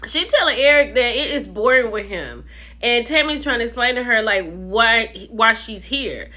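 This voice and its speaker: A woman vlogger recapping a reality show in a casual gossip style, animated, calling viewers "baby" and "child". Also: fairly high pitch, unhurried. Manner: animated storyteller, calls viewers "baby" and "child", laughs often.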